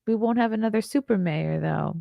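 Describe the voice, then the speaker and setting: A woman's voice: medium pitch, a little fast, vocal fry, mellow, no echo, clean studio sound. A woman in her thirties hosting a casual livestream, reading news aloud and answering chat messages with wry, chatty asides and a tired air. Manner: chatty and wry, laughs and ad-libs between reading. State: tired, yawning. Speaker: livestream host.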